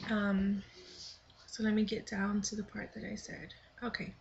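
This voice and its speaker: A woman's voice: medium pitch, little pitch movement, unhurried, creaky, a little hiss or hum. Earnest young woman vlogging, dull lo-fi audio. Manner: earnest, thoughtful, with soft half-whispered stretches. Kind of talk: reflective personal vlog, reading her own blog aloud.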